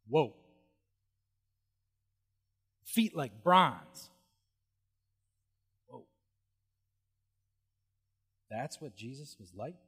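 A middle-aged man preaching a sermon, animated and humorous, often exclaiming in wonder. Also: medium pitch, drawn-out words, pauses often, husky. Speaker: pastor. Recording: long reverb of a large hall.

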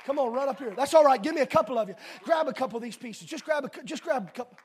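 A middle-aged man preaching a sermon in a church, swinging between emphatic shouted declarations and quiet, chatty asides to the congregation. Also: very high voice, lively intonation, racing, breathy edge, a faint crowd.

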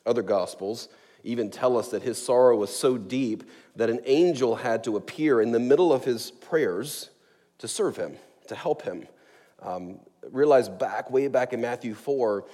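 A man preaching a sermon as a pastor, earnest and emphatic, slowing down to stress key words. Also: medium pitch, mellow. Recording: long reverb of a large hall.

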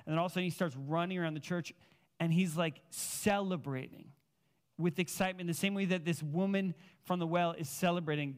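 A man preaching a sermon as a pastor, telling personal stories in an animated, casual way with plenty of filler words. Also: a little high, brisk.

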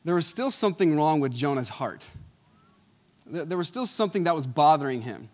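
A man in his thirties preaching a conversational Sunday sermon. He is animated and chuckles often, swinging between loud emphasis and quiet asides. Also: a little high, fairly quick. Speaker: pastor.

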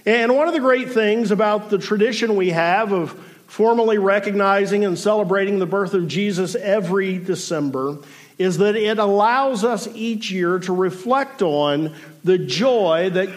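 High-voiced pastor preaching earnestly. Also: male voice. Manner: earnest, measured preaching with pauses and asides. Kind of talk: sermon.

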